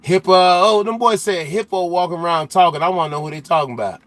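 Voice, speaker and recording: Young trucker dude live streaming, slangy, bit of a high voice, goes loud and jokey reading the chat. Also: male voice, quick pace, dry recording. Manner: loose slang-heavy banter, gets loud and animated when teasing chatters. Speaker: trucker hosting a livestream. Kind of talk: casual livestream chat, reading viewer comments.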